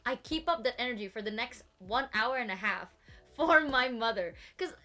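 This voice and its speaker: A woman streamer chatting as a guest, animated, packing her talk with "like" and acting out what others said. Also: on the high side, moderate pace, soft background music. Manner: animated storyteller, fillers of like, acts out quotes. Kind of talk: casual chat between streamers.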